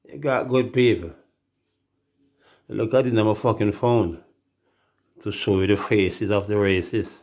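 A man's voice: on the low side, a little mellow. Profane rambling Jamaican man. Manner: rambling, profane, laughing asides. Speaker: musician. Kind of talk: casual profane monologue.

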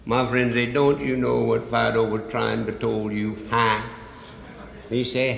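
A man's voice: mid-range voice, flat delivery, a little slow, creaky, fairly bright tone, echoey room, big-room sound. A man telling a comic story live, in a folksy dialect and drawing out his punchlines. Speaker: humorist storyteller.

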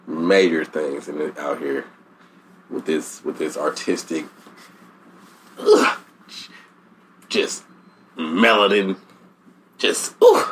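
Man, Bay Area accent, podcast host, lively pitch, slangy, faint hiss behind. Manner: slangy, animated, laughs often. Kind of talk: casual podcast chat.

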